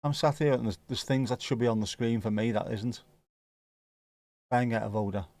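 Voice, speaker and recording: A man's voice: medium pitch, a little fast, darkish tone, dry recording. Laid-back sweary man. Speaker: streamer hosting a football watchalong. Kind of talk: casual live match commentary.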